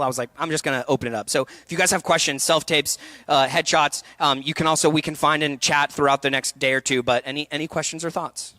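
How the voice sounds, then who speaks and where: A man in his thirties giving an energetic acting workshop talk, jumping into quick voices and asides as he goes. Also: on the high side, dry recording. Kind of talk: conference talk.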